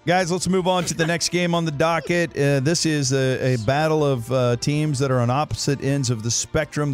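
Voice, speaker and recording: A man with a slightly high voice leads a sports radio segment, moving the talk along and rattling off stats. Faint music runs underneath. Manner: steers the talk, reads stats. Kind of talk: sports radio game preview.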